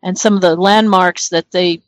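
A middle-aged woman from northern New Jersey co-hosts a podcast over a remote call, chatting casually with a lowish voice at a moderate pace and fairly even intonation. She rambles and thinks aloud with many fillers, and the recording is dry.

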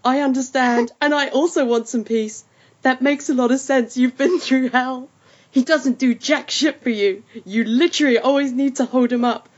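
A woman's voice: high-pitched, steady tone, normal speed. A woman reading the part of a sympathetic, frank woman who comforts a friend, soothing but blunt and swearing casually. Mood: consoling. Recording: slightly muffled lo-fi audio.

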